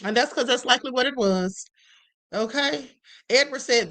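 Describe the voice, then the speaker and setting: High, bright-voiced woman streamer. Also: moderate pace, rough recording. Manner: chatty, amused, addresses viewers as beloved and honey. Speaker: live stream host. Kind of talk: casual live stream commentary.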